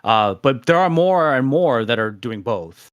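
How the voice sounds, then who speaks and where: A man's voice: medium pitch, lively intonation, measured pace, clear, resonant tone, no echo, studio quality. A man co-hosting a podcast, reading stats and then chatting casually about sports. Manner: reads stats, then chats with restarts. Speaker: podcast co-host.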